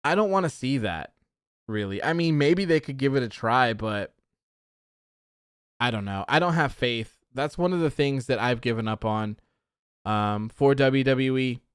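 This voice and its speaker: A man's voice: medium pitch, animated, unhurried, clear, resonant tone, no room sound, studio quality. A young man hosting a casual wrestling livestream, rambling in frustration and reading chat comments aloud. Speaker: livestream host.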